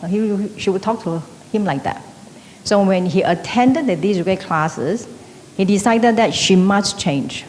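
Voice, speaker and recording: A woman gives a relaxed classroom lecture, often tossing "okay?" and "right?" to her listeners. Her mid-pitched voice rings out with a long reverb, as if in a large hall, over a faint low rumble in the background. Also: measured pace. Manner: conversational, frequent tag questions like "okay?" and "right?". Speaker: teacher.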